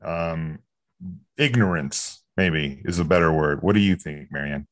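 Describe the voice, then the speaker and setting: A man with a very low voice joins a casual discussion, recorded dry. He speaks hesitantly and in a measured way. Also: no echo. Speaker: guest.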